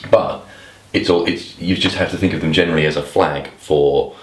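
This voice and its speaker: A man's voice: a bass voice, fairly even intonation, moderate pace, echoey room. A man teaching how to solve crossword clues, thinking aloud with asides and small restarts. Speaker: crossword tutor. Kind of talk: explanatory lesson to camera.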